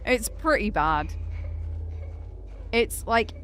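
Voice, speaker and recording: With a fairly high, slightly bright voice and big pitch swings, a young woman from Northern England speaks very slowly as she streams a game. Her Northern accent is muted; she chats casually, thinks aloud and laughs often over game music and slight background noise.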